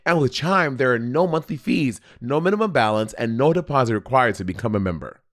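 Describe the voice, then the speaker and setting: A man in his thirties co-hosting a podcast, reading sponsor ads in a chatty, lively way. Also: medium pitch, brisk. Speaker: podcast co-host. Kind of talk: casual podcast ad read.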